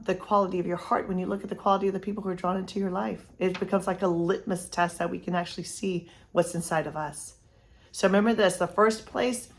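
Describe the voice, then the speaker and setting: Earnest middle-aged woman, a little lower voice, motivational faith talk for moms, soft hushed asides. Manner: earnest storytelling, drops to a hush for tender moments. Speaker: host of a course for mothers.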